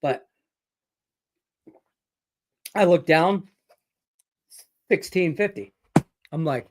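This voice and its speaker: A middle-aged man from Detroit hosting a betting talk show, his voice sitting a bit higher than most men's. He rambles loosely, swears freely and leans on fillers as he tells a story and gives picks. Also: drawn-out words, pauses often, background noise. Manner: rambling, profane, story-telling with lots of fillers. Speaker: sports betting podcast host. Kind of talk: casual chat with betting picks.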